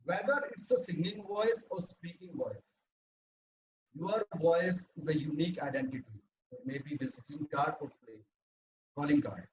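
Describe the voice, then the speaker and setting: A man giving a prepared talk at an online speakers' club meeting, earnest and halting, with frequent restarts. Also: a little high, animated, slight background noise, rough recording.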